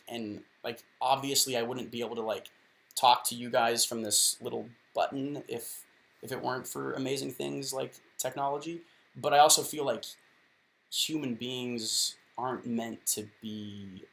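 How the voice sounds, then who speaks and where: A man's voice: mid-range voice, vocal fry, fairly bright tone. A man in his thirties giving casual advice to the camera, rambling and self-deprecating, full of fillers and restarts. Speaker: advice column host.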